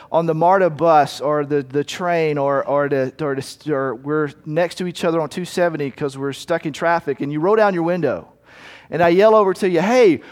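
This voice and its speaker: A male pastor delivers a conversational sermon in a somewhat higher register. He drops into murmured asides and quick acted-out moments. His voice carries a long reverb from the hall.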